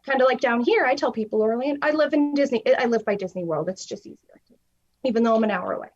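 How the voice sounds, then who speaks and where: A woman's voice: a little high, fast, darkish tone. Chatty woman on a dull lo-fi mic. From US South. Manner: chatty, rambling, laughs often. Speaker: podcast guest. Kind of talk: casual podcast chat. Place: home.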